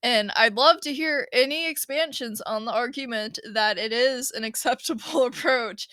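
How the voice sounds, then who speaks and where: A woman's voice: medium pitch, no echo, studio quality. A woman hosting a podcast, talking casually and retelling a story with lots of fillers and little laughs. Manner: chatty, animated retelling with frequent fillers and laughs. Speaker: podcast host. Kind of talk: casual solo podcast talk.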